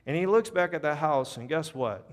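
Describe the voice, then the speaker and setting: A male pastor with a voice on the high side speaks animatedly at a moderate pace, narrating a sermon story before leading an altar call. Earnest, he softens when he gives the invitation, while the sanctuary's long reverb and faint music linger.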